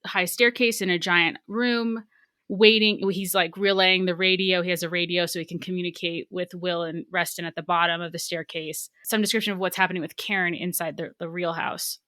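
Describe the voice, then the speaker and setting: A woman's voice: lowish voice, pushed and bright, smooth, no echo, studio quality. A woman co-hosting a book club podcast, talking casually and animatedly with many restarts. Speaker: podcast co-host.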